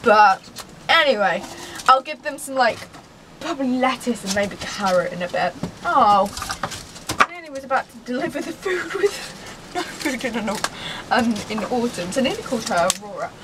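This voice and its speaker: A woman's voice: a little high, very animated, normal speed. A young woman chatting in a casual vlog in a windy garden, giggly and talking in sing-song baby talk to her pets. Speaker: vlogger. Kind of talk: casual outdoor vlog chat. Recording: wind noise outdoors.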